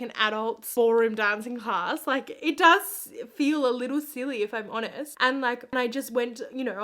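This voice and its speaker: A woman's voice: a little high, fairly bright tone. Chatty young woman vlogging. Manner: chatty, earnest, many "like" fillers and restarts. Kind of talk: casual get-ready-with-me chat. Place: home, doing her makeup.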